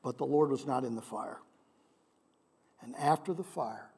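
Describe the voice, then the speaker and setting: A man's voice: mid-range voice, unhurried, a little mellow, slightly rough. A male pastor delivering a sermon in a conversational way, often putting questions to his congregation. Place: church sanctuary. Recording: long reverb of a large hall.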